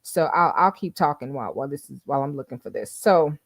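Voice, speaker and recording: A woman's voice: extremely low pitch, expressive, quick pace, no room sound, clean studio sound. An older woman hosting a casual livestream, chatting and gossiping with frequent laughs. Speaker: YouTube host.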